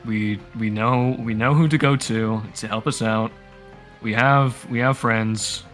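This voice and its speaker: A man's voice: medium pitch, steady tone, unhurried, fairly bright tone, soft background music. A man playing in a tabletop game, talking in a reassuring way and repeating his phrases. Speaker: player. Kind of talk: casual tabletop play.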